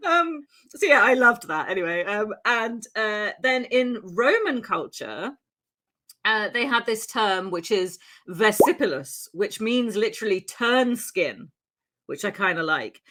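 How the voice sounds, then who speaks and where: A woman's voice: medium pitch, expressive, a little slow, fairly bright tone. Chatty woman podcast host telling a story. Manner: chatty, many ums and asides, playful. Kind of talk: casual true-crime storytelling.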